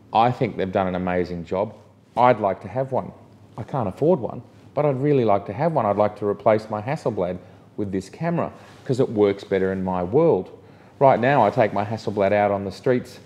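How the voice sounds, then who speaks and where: A man's voice: on the low side, a little mellow. A man, a photographer talking through cameras in a casual review vlog, enthusiastic and full of rhetorical questions to his viewers.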